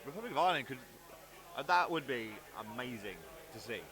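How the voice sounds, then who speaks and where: A man's voice: mid-range voice, animated, brisk. Hesitant male co-commentator over crowd chatter. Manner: hesitant, rambling, teasing. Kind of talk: live stream commentary.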